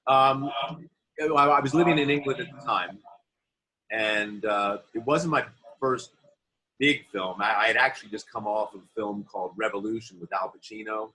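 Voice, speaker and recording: A man, an actor being interviewed, telling animated anecdotes from film sets in a casual way. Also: fairly low pitch, normal speed, a little hiss or hum, rough recording. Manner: animated anecdotes, acts out quoted voices. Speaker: actor guest. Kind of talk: interview storytelling.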